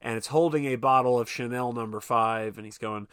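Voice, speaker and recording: A man's voice: medium pitch, brisk, hardly any pauses, fairly bright tone, clear, resonant tone, dry recording, studio quality. A man co-hosting a podcast, casually recapping a film with lots of swearing and acted-out character lines. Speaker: podcast co-host.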